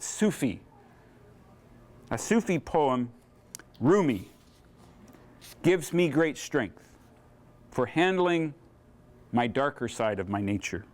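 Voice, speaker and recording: A man, an author, giving an earnest and reflective public talk in a bookstore, with dramatic pauses and a read-out poem. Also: a little high. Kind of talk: public talk with poetry reading. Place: bookstore event.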